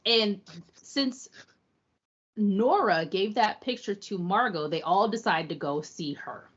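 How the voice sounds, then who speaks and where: A woman's voice: medium pitch, slow pace, husky, dull audio. A woman co-hosting a podcast, recapping an episode in a teasing, playful way. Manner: teasing, playful, quotes characters in voices. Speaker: podcast co-host. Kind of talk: casual recap chat.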